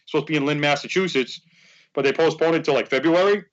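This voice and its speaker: A man's voice: fairly high pitch, fast, muffled recording. A man chatting as a podcast guest, rambling through a story and acting out the quotes. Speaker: guest, superfan. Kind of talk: casual podcast chat.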